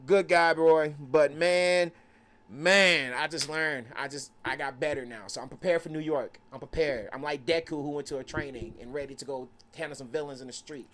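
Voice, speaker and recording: A young man, a podcast guest, telling a lively story and acting out the people in it. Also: fairly high pitch. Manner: lively, acts out quoted voices, laughs often. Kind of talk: animated storytelling.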